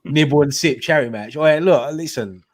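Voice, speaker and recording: A man co-hosting a fan show. He teases the others in a jokey way and laughs easily. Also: a little high. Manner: jokey, teasing, quick to laugh. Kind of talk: casual pub-style banter.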